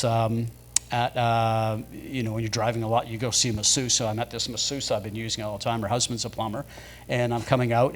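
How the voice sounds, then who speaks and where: A man's voice: mid-range voice, a bit bright, a little hiss or hum. A man telling casual anecdotes as a guest at a live show in a pub, rambling, with many fillers.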